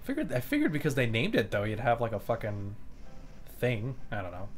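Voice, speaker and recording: A man's voice: mid-range voice, huge pitch swings, a little fast. Male streamer, mid-range voice, rambling play-by-play, swears a lot, chuckles often, faint background music. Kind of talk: live gameplay commentary.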